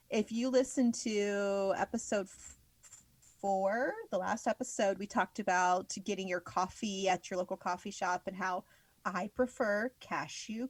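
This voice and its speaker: Woman, podcast co-host, giggly, excitable, dry close sound. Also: medium pitch, no echo. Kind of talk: casual podcast chat.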